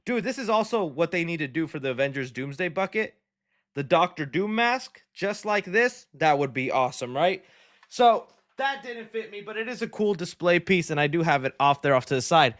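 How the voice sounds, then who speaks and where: A young man hosting a casual movie chat show, excitable and jokey, rambling as he goes. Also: high-pitched, normal speed. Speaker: show host.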